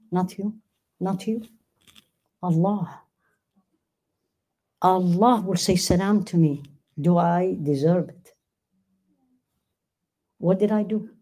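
Dark, husky-voiced woman teaching a religious class. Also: fairly low pitch. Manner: asks the class questions, emphatic, recites verses. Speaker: Quran teacher.

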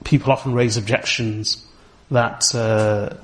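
A man giving a religious lecture, explaining slowly and step by step, repeating key terms and reciting Arabic verses fluently. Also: mid-range voice, fairly even intonation. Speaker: Islamic teacher.

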